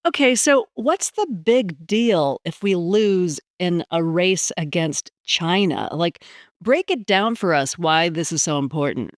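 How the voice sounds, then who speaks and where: A woman's voice: lowish voice, lively intonation, a little slow, no echo, studio quality. A woman hosting a podcast, talking casually and with some amusement, using fillers. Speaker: podcast host.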